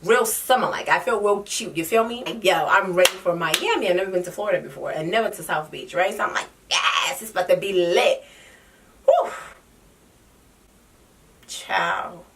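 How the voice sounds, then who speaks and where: A woman's voice: on the low side, sing-song, fast talker, hardly any pauses. Sassy young woman telling a story, mic a bit distant. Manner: sassy, dramatic, slangy storyteller. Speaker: vlogger. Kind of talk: casual storytime vlog.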